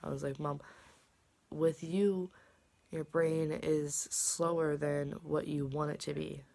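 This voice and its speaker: A young woman talking casually in a personal vlog, rambling with lots of fillers and sometimes dropping to a soft whisper. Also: low-pitched, steady tone, takes it slowly, vocal fry. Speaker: vlogger.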